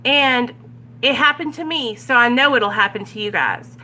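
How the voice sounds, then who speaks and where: Bright-voiced woman chatting about recovery. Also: a little high, moderate pace. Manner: candid, keeps checking in with "right?". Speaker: recovery vlogger leading a Big Book study. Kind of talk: casual chat.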